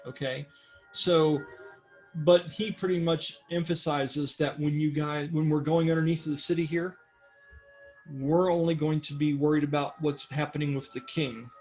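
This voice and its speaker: A man running a tabletop role-playing session and describing the scene to his players. His voice is fairly high for a man. He rambles in a relaxed way and fills his pauses with many ums. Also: soft background music. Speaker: game master. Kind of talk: narrating a tabletop game.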